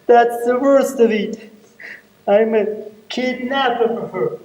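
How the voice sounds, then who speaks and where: A man playing a guilt-ridden faun, high voice on a far-off stage. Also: takes it slowly, a little mellow, muffled recording. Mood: confessing. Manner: wistful, then tearful and pleading. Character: remorseful gentle male faun, tearful and guilty. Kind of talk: stage play acting. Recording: echoey stage hall from far off.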